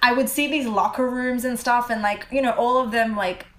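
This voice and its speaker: A woman's voice: on the high side, moderate pace, slight background noise. A young Australian woman, an actor, chatting casually with lots of fillers. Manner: chatty, filler-heavy, animated. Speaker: actor, guest. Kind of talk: casual chat. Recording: roomy echo.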